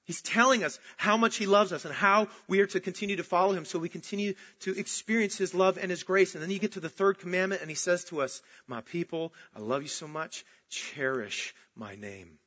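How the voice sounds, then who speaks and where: A man preaching a sermon, emphatic, swinging from loud outbursts to slow, hushed stresses. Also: high-pitched. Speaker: pastor. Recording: dull lo-fi recording.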